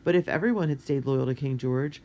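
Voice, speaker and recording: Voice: medium pitch, a little fast, warm tone, natural voice. A narrator voicing a precise, know-it-all young boy who speaks formally. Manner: formal, correcting tone.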